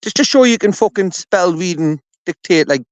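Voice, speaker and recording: A man's voice: sits high, animated, moderate pace, no echo. A man with a Sunderland accent, trading brash, insulting banter in a heated live-stream debate. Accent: Sunderland English. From England. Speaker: debate panelist. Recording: dull lo-fi stream audio.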